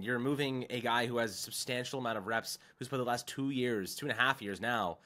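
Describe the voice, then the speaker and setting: Brief: male podcast co-host, tense bright voice, emphatic and opinionated on football. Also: mid-range voice, normal speed. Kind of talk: casual sports talk.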